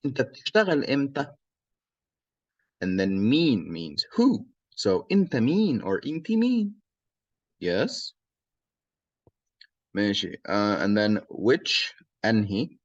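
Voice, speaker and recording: A man's voice: fairly low pitch, huge pitch swings, no echo, muffled recording. A man teaching a language lesson, repeating short phrases and often checking in with the learner. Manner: repeats phrases slowly, checks in with "okay?" and "yes?". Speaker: Arabic teacher.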